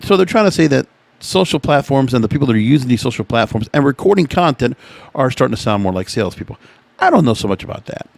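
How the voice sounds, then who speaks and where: A male podcast host with a lively, swinging voice, reading passages aloud and then breaking off to argue with them. He talks in a chatty, opinionated way. The sound is dry, with no room on it. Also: medium pitch, fast talker, creaky, no echo. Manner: opinionated, chatty, reacting to what he reads aloud. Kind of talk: casual podcast commentary reading from an article.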